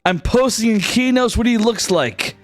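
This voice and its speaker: A man's voice: extremely high pitch, soft background music. A man narrating as game master for a tabletop game, drawing out his lines. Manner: slow, drawn-out narration.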